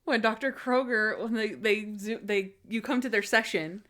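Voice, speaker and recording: A woman talking casually as a podcast co-host. She rambles from point to point, breaking off into quick asides and giggles. Her voice sits at an ordinary middle pitch. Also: fairly bright tone. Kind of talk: casual chat.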